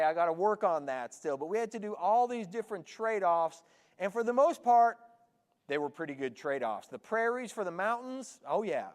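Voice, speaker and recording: A Canadian-born pastor in his forties gives a light, joking sermon in a high, bright voice. His words ring out with a long reverb through a big church hall. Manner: chatty, joking with the congregation. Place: church sanctuary.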